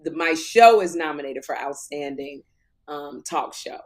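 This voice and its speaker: Animated woman podcast co-host. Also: sits low, measured pace. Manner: animated, laughing storyteller who gets loud in retellings. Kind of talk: casual chat.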